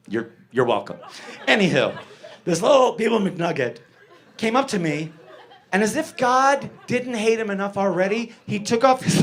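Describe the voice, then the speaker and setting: A man's voice: a little high, a bit bright. A middle-aged man doing a stand-up set, rambling and profane, laughing at his own jokes. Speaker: stand-up comedian.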